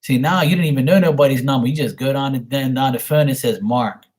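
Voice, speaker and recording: A man's voice: mid-range voice, quick pace, a little mellow. Rambling, cursing man in his forties. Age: 40s. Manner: rambling, profane, storytelling. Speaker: stream host answering paid questions. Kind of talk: casual chat.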